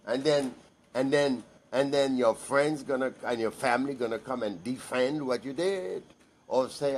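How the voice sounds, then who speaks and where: A man's voice: mid-range voice, normal speed, darkish tone. A man giving a blunt, emphatic personal monologue to camera, repeating himself for stress.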